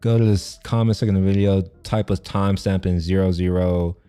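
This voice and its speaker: A man gives a casual reaction commentary on a stream. His voice is fairly low and dark, and he rambles with restarts and breaks into laughter often. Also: fairly even intonation, brisk, clear, resonant tone, faint music behind.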